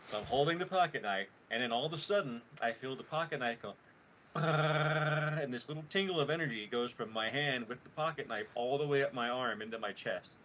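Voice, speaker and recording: A man's voice: medium pitch, fast, hardly any pauses. A man from Utah co-hosting a podcast, telling a long rambling story in casual chat with plenty of swearing. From Utah, USA. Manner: rambling, profane, animated storyteller. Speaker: podcast co-host. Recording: dull lo-fi podcast audio with faint noise.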